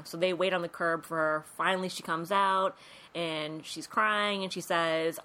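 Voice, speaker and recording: Woman, casual film recap, low pitch, bright tone, chatty, acts out quotes. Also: fairly even intonation, a little slow. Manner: chatty, acts out quotes, says 'like' a lot. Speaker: podcast co-host.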